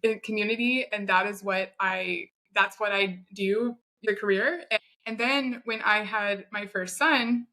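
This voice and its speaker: A woman in her thirties with a bright, forceful voice. She talks in an animated, chatty way, like a guest sharing her own story on a podcast. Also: mid-range voice, measured pace. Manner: chatty, animated retelling with quoted asides. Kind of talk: conversational storytelling.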